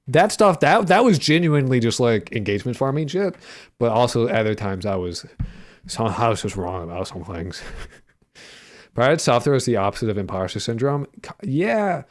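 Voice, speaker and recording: A young adult man chatting casually with his livestream audience while coding, rambling with lots of fillers, joking and swearing. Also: mid-range voice. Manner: playful, jokey banter with chat. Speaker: streamer and indie game developer.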